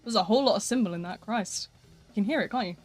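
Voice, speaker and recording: Woman streamer, middle-pitched voice, chatty, rambling, laughs often. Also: fast talker, faint music behind. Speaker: live streamer. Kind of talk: casual live-stream chat.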